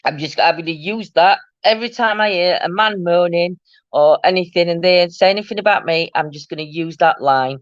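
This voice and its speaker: A woman's voice: lowish voice, a little fast, dry recording, muffled recording. Bubbly, chatty woman. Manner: chatty and bubbly, laughs often, teasing. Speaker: host of a paranormal live stream. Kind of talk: casual live-stream chat, reading out viewer comments.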